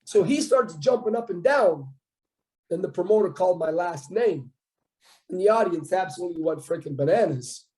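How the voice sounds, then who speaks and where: A Canadian man in his fifties, a guest on a casual talk show, telling a story with lively quoted dialogue. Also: high voice, normal speed, poor audio. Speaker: podcast guest, bodybuilder.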